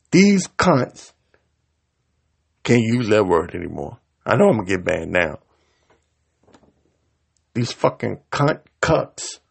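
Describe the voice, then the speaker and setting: Gravelly, raspy man ranting angrily. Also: medium pitch. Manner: angry, profane and heated, talking over himself. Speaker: podcast host. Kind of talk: ranting solo podcast.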